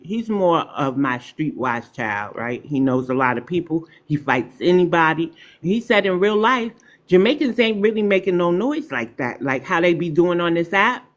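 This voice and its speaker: A middle-aged woman, a podcast guest who talks emphatically and tells stories with big swings in pitch. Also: very animated, moderate pace. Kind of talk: podcast discussion.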